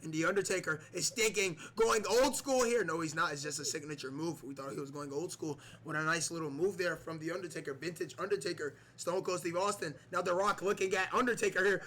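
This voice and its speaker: A man giving excited play-by-play commentary on a wrestling video game match, repeating the wrestlers' nicknames and yelling at the big moves. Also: high-pitched, fairly quick, a little hiss or hum.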